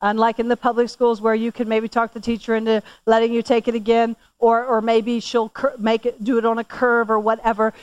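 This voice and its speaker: A woman in her forties giving a sermon, telling a family story with lively acted-out dialogue and repeated phrases. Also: fairly high pitch, smooth, dry recording. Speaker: church speaker.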